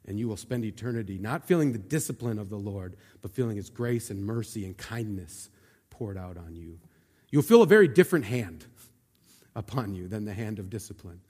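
A man preaching a sermon as pastor, speaking earnestly and conversationally, often dropping to a soft, low voice. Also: lively intonation, brisk, husky. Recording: long reverb of a large room.

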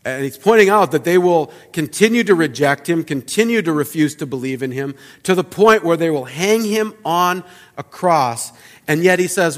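A man preaching a sermon as a pastor, earnest, often repeating words and dropping to a quiet low voice for emphasis. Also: expressive, moderate pace. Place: church sanctuary. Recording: church hall reverb.

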